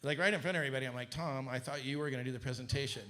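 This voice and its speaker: A middle-aged man from Southern California telling a business story to an audience, acting out the quoted voices with a rising pitch. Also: very fast. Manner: animated, acts out quoted dialogue with rising pitch. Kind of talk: casual storytelling talk to an audience.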